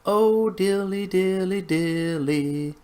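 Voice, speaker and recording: A reader voicing a hungry, vexed tomcat with sighs and high, sing-song meows in a storybook reading. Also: very animated, extremely slow, bright, forceful tone, exaggerated voice. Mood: sighing.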